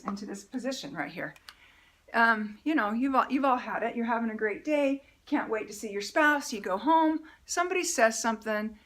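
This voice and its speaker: Woman life coach, middle-aged, upbeat motivational lesson, animated, fairly high voice. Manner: animated, acts out feelings in quoted asides. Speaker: life coach teaching a mentoring program.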